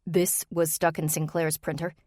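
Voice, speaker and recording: A woman's voice: low-pitched, flat delivery, normal speed, mellow, no echo, clean studio sound. Woman voicing a suspicious office man. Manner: probing, blunt questions. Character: wary male office worker, suspicious.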